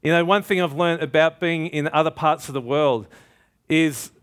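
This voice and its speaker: A male preacher with a fairly high voice delivers a sermon. He talks in a relaxed, conversational way and tells stories with lively energy. He often stops to ask "right?" as if checking in with the listeners. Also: normal speed. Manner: animated storytelling with laughter.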